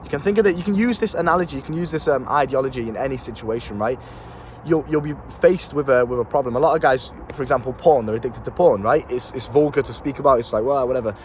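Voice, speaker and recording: A man's voice: medium pitch, fast. A young man talking casually to camera as a self-improvement coach, blunt and slangy, swearing and repeating words, with faint street noise behind him. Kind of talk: casual motivational talk to camera. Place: outdoors in town.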